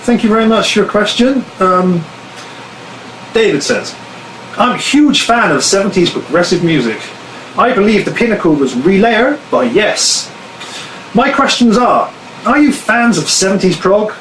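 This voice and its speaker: A man's voice: high voice, animated, normal speed, fairly bright tone. Chatty man in echoey room. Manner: chatty, laughs easily, self-deprecating. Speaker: band member reading fan questions. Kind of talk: casual live Q&A chat. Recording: echoey room, faint noise.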